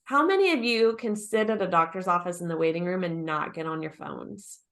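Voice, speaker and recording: A woman's voice: on the low side, brisk, a bit bright. A woman speaking on a conference stage, talking conversationally to the audience and asking them questions. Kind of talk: conference talk.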